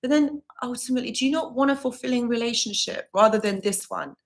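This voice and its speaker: A woman's voice: fairly high pitch, fast. A woman recovery coach hosting a live Q&A stream, reading viewer comments aloud and answering with earnest, reassuring advice that she often repeats.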